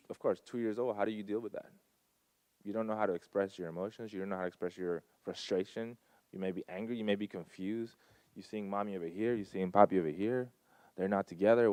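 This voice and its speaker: A guest speaker at a Sunday service, an earnest man in his thirties, gives a personal testimony, piling up short repeated phrases for emphasis. His mellow, middle-pitched voice is captured dry and close on a handheld mic.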